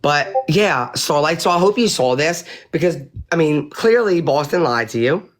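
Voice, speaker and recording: A woman's voice: sits low, expressive, moderate pace. Woman livestreamer; indignant, sweary, rambling rant to her audience. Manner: indignant, profane, rambling with restarts. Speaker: livestreamer addressing viewers.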